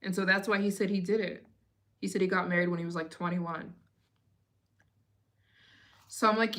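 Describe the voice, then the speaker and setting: A young woman in her late twenties hosts a live Q&A stream, chatting casually. Her voice sits a little low for a woman. She tells her stories in a loose, expressive way. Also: moderate pace, long pauses. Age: 20s. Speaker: travel vlogger hosting a live Q&A.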